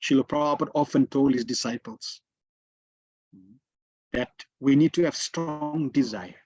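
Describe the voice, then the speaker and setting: A man giving a slow, deliberate devotional lecture as a spiritual teacher, telling stories with emphatic repetitions. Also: mid-range voice, a little mellow, slightly rough, no room sound, soft background music. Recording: dull, lo-fi dry sound.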